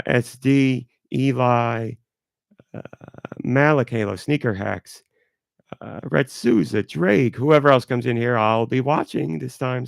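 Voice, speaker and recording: A sick man hosting a live podcast with a hoarse, stuffy voice, rambling and apologetic. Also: mid-range voice, no room sound, studio quality. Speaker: podcast host. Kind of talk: casual live podcast chat.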